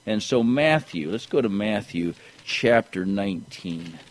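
A man's voice: lively intonation, a little slow, rough recording. A man preaching a sermon, reading scripture aloud and often repeating words as he restarts his thoughts. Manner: pitch jumps higher when pressing a point.

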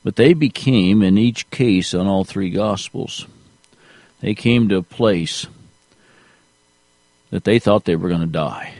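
A man preaching a sermon in a slow, deliberate way, rising to emphasis at key points. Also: low voice, darkish tone, dry recording.

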